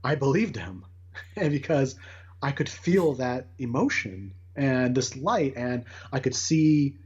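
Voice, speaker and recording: A man's voice: mid-range voice, lively intonation, takes it slowly, breathy edge. A man in his thirties, a guest in an interview, earnestly recounting a personal experience with many restarts. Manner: earnest, rambling with restarts and acted-out quotes. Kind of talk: casual storytelling interview. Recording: muffled lo-fi audio.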